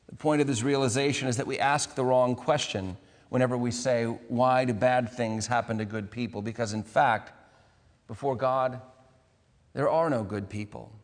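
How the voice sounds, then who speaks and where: A man's voice: mid-range voice, steady tone, moderate pace. A man preaching a sermon as pastor, earnest and emphatic, repeating key words and restarting phrases now and then. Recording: long hall reverb.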